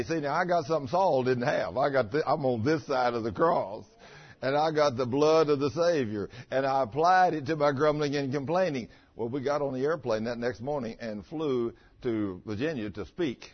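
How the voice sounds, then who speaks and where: An older man preaching a sermon in a folksy, animated way, telling a personal story and laughing along the way. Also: medium pitch, moderate pace. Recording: dull lo-fi sound.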